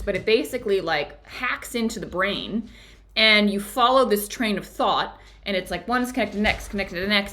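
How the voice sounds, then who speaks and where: A woman's voice: mid-range voice, sharp tone. A woman hosting a book club discussion, talking casually and telling a personal story with lots of fillers. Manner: chatty, storytelling, frequent fillers. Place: lives in Colorado.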